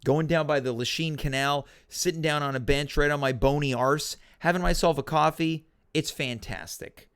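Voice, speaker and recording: A man hosting a casual solo livestream Q&A from home, talking in an animated, rambling, self-deprecating way. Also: fairly high pitch, moderate pace, few pauses, smooth. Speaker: talk show host.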